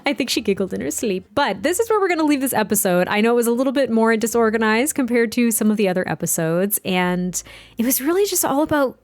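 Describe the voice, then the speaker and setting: A woman's voice: on the high side, lively intonation, fast talker, no echo. A young adult woman giving casual let's-play commentary, chatty and giggly, rambling with lots of fillers. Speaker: gaming video host. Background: faint background music.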